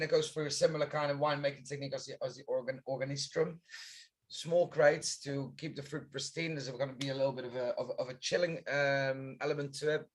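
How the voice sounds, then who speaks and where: A man presenting wines on a live tasting stream, explaining with enthusiasm in rambling talk full of fillers. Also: mid-range voice. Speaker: wine presenter on a tasting livestream. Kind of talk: casual chat.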